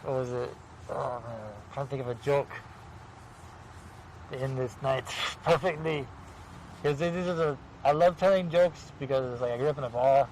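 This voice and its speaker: A man's voice: medium pitch, normal speed, a little mellow, a little hiss or hum, rough recording. A man hosting a late-night horror show, chatting and telling jokes outdoors at a cemetery, laughing at his own punchlines. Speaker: show host. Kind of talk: casual chat.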